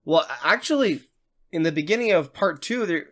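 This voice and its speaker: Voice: medium pitch, lively intonation, normal speed, fairly bright tone, no echo. A podcast co-host chatting casually in a show reaction, thinking aloud with restarts and hedges.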